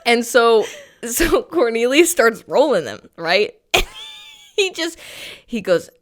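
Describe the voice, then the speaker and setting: Animated woman telling a story. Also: fairly high pitch, takes it slowly. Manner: animated storyteller acting out quotes. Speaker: podcast co-host. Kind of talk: casual storytelling chat.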